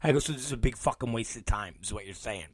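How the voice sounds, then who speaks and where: A man's voice: medium pitch, quick pace, slightly rough, no room sound. A middle-aged man hosting a podcast, telling a long profane family story and acting out every quote. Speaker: podcast host. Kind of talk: storytelling monologue.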